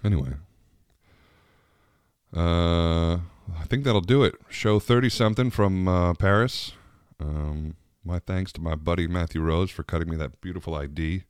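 Deep-voiced man hosting a chatty podcast. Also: measured pace, smooth, no room sound, clean studio sound. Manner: rambling, chatty, laughs often. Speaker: podcast host. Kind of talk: casual monologue.

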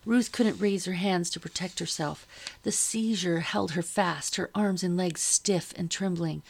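A woman reading a first-person novel aloud as audiobook narrator, steady and measured. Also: on the low side, creaky, slight background noise.

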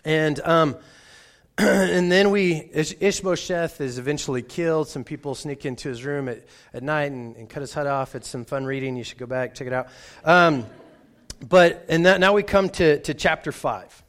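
Chatty, fairly high-voiced man preaching. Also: normal speed, fairly bright tone. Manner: conversational, often repeats words as he restarts. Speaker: pastor. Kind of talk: sermon with a personal story.

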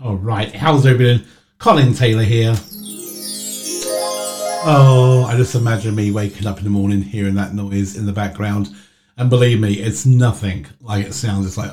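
A man's voice: lowish voice, steady tone, moderate pace, music in the background. A man from England, hosting his own podcast and chatting in a joking, self-mocking way as he tells stories. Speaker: podcast host. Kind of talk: casual solo podcast monologue.

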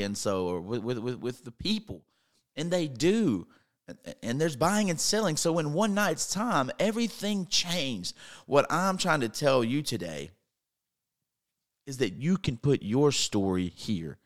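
A man's voice: mid-range voice, lively intonation, measured pace. A man giving an earnest podcast sermon, retelling Bible stories with frequent repeats and restarts. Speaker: podcast preacher.

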